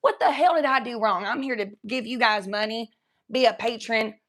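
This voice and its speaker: Young woman doing a fake southern accent on stream, high, crude and rambly, coughs a bit. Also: moderate pace, fairly bright tone. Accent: put-on Southern US drawl. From Cincinnati, Ohio. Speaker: livestreamer. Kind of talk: casual livestream chat.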